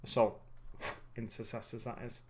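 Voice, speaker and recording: A man hosting a relaxed hobby livestream, talking while he builds miniatures in a rambling, musing way with many pauses and self-corrections. He sounds a little tired. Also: mid-range voice. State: getting tired.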